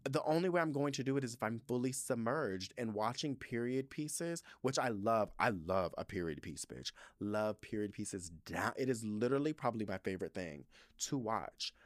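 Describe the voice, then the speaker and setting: A man's voice: mid-range voice, normal speed, few pauses, no room sound, clean studio sound. A young man hosting his own podcast, chatting casually and sassily with lots of playful swearing and asides. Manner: sassy, expressive, frequent swearing and playful asides. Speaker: podcast host. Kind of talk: casual solo podcast chat reading listener reviews.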